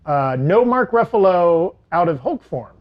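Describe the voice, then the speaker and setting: A man hosting a casual panel chat who talks in a lively way and reads out viewer comments and poll results. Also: sits high, unhurried, muffled recording, a little hiss or hum. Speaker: show host.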